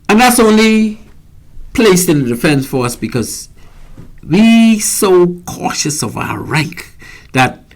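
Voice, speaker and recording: A man's voice: high voice, fairly bright tone. An older man with a Bahamian accent hosting a radio talk show, speaking emphatically and often repeating words as he gathers his thoughts. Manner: emphatic, repeats words while searching, indignant.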